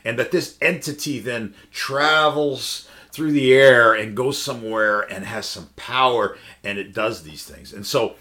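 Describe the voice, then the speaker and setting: A man teaches the Bible in a conversational sermon, his mid-range voice a little slow and sharp in tone, with few pauses. He's emphatic and keeps asking his listeners rhetorical questions.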